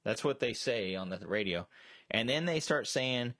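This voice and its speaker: A man's voice: fairly low pitch, animated, moderate pace, fairly bright tone, dry recording, clean studio sound. A man co-hosting a casual movie chat on a live stream, rambling with many restarts and fillers. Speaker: co-host. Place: storage shed.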